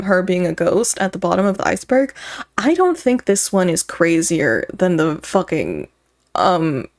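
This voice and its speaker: A woman streamer in casual reaction chat, giggly and chatty, talking to her viewers. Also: fairly low pitch.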